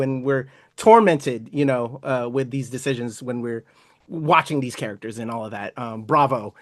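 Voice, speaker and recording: A man's voice: fairly high pitch, no room sound, clean studio sound. A man interviewing an actor, effusive and respectful, praising the guest and calling him sir. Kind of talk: enthusiastic interview host.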